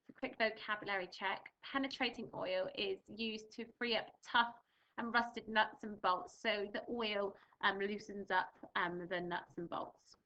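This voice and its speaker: A woman's voice: medium pitch, measured pace, sharp tone, highs cut off. A young English woman teaching a primary school reading lesson, patiently explaining words and reading a storybook aloud with expression. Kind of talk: recorded remote reading lesson.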